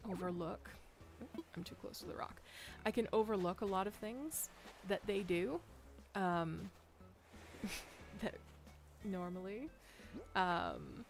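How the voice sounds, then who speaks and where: A woman streaming a game, chatting casually and rambling, laughing often. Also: mid-range voice. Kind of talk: casual chat while playing.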